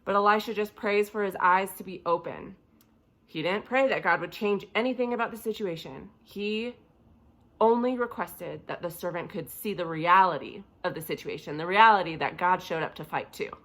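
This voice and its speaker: A woman's voice: fairly low pitch, normal speed, a bit bright. A young woman giving a chapel devotional, reading scripture aloud and then explaining it in a casual, vivid way. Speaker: chapel speaker. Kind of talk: devotional talk.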